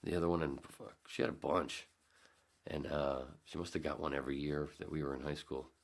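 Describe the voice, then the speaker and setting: A man's voice: extremely low pitch, steady tone, fairly quick. A man hosting a podcast, telling a rambling story in a casual way, swearing freely and acting out scenes with sudden jumps in his voice. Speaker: podcast host.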